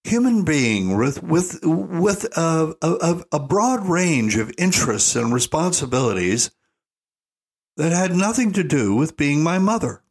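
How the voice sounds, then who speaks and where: A man's voice: fairly high pitch, sing-song, unhurried, slightly rough. An older man giving an opinionated monologue as a parenting commentator, folksy and emphatic, calling listeners "folks". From United States.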